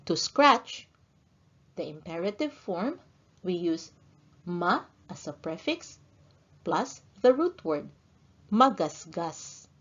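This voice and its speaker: Woman teacher reading a lesson real slow, word by word, kinda dull lo-fi sound. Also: fairly low pitch, sing-song, fairly bright tone. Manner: slow, deliberate, reads each word pair in turn. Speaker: language teacher. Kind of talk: scripted lesson narration.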